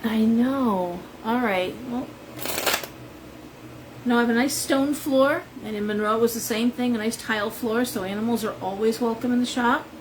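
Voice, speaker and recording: A woman's voice: fairly high pitch, moderate pace, noisy background. A woman who runs a tarot shop, chatting with viewers on a live stream and rambling into stories. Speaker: shop owner and tarot reader.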